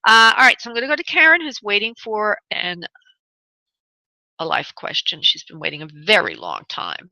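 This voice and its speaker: Bright, higher woman radio host, chatty medium, dry sound. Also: very animated, moderate pace, creaky, no echo, poor audio. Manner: chatty, affectionate, laughs often. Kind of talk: call-in radio readings.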